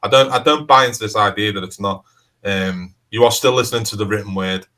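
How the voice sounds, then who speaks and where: This Liverpool-born crime author, speaking with a Scouse accent in a casual interview, has a lowish voice that sounds pushed and bright as he talks briskly. He wanders, starts sentences over and fills gaps with "you know." The recording is rough.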